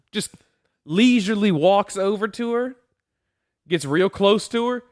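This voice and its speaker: A young man co-hosting a podcast, chatting casually, swearing a lot and acting out quick voices in his stories. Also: high-pitched, no echo, clean studio sound. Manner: profane, animated storyteller who acts out voices. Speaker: podcast co-host. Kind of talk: casual chat.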